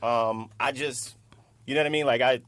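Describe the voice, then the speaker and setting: Man, middle-aged, podcast co-host, halting casual chat, close dry sound. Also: mid-range voice, steady tone, a bit bright, no room sound. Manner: halting, repeats words while searching for his thoughts.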